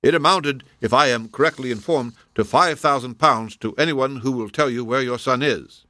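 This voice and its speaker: A man voicing a cold, precise male detective in an audiobook, measured and inexorable. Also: medium pitch, sharp tone, dry recording, voice pushed up, natural voice. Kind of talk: audiobook character voice.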